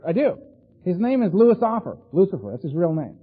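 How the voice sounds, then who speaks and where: Middle-aged man, high-pitched talker, tinny phone-like sound in a big echoing hall, storyteller at a recovery meeting. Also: fairly quick, soft background music. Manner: animated, laughing storyteller, tosses in "right?" and "man". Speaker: AA speaker.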